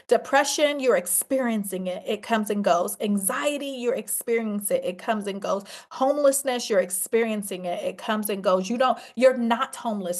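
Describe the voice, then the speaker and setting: A woman with a fairly high voice hosts a faith podcast and shares her testimony. She talks straight to her listeners and calls them y'all. She leans hard on repeated phrases, the way a preacher does. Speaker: podcast host.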